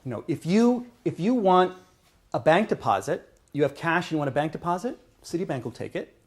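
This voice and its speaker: A man's voice: a little high, very animated, a little fast, slightly rough. A male lecturer explaining ideas step by step to a class, often checking in with "okay" and restarting phrases. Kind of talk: university lecture. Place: lecture hall.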